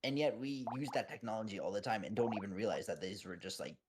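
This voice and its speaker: A man's voice: lowish voice, fast, background noise. A teenage boy streaming a game, chatting casually and animatedly, swearing and breaking into laughs. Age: teens. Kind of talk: casual chat while gaming.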